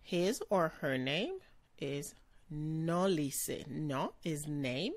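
Woman teacher, low voice, slow careful pronunciation, dry close sound. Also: expressive, dry recording. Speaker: language teacher. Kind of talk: slow vocabulary lesson.

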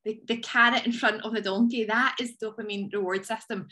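Upbeat woman leading a training call. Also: fairly quick. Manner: energetic, chatty, jumps into high playful voices. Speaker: team leader on a training call. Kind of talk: motivational training talk. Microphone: video call.

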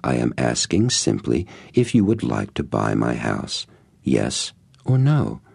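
A man voicing a calm, patient mentor who questions gently but directly. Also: extremely low pitch, slow pace, gravelly, husky, no echo, heavily acted. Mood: probing.

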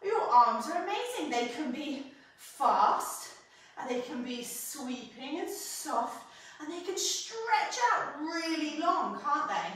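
A woman's voice: sits high, big pitch swings, takes it slowly, a bit bright, distant mic. A young woman with a British accent guiding children through a pilates class, in a sing-song, playful, encouraging way. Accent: British English. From England. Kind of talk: guided kids' movement class. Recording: echoey room, off-mic.

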